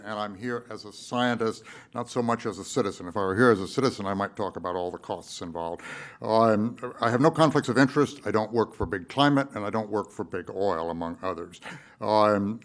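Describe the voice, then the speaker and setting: A man giving wry public testimony at a county board meeting, halting often with filler sounds. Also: fairly low pitch. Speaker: public commenter.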